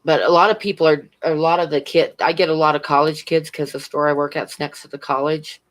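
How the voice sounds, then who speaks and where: A woman's voice: low-pitched, fairly even intonation, brisk, low-quality recording. A woman working as a convenience store clerk, chatting casually on a stream at home and telling stories with frequent laughter. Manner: rambling, chatty storyteller who laughs often. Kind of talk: casual chat on a live stream. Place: at home, near a fish tank.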